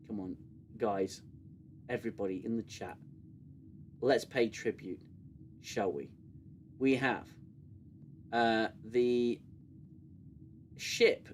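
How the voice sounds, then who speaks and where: A man's voice: mid-range voice, slight background noise. A British man hosting a live review stream, ranting sarcastically and swearing freely. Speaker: show host.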